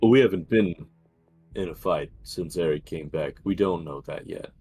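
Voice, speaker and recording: A man's voice: low voice, normal speed, dark tone, breathy edge, faint music behind. A man playing a tabletop game online, speaking in character in a hesitant, stammering way. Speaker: player.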